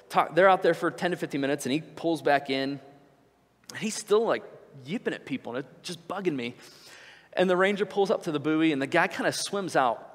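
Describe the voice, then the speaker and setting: A man in his thirties preaching, telling a story animatedly and then dropping low to reflect. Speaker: pastor. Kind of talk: sermon with storytelling. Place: church hall. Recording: church hall with long reverb.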